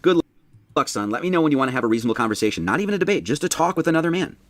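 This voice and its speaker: A man, a pastor, arguing indignantly and complaining in rapid bursts. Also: on the high side, very animated, no echo. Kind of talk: indignant argument in a played clip.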